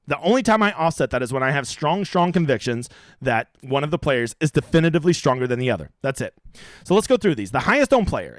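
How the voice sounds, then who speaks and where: A man's voice: on the high side, no echo, studio quality. A brash young man hosting a profane, rambling live stream about fantasy golf strategy.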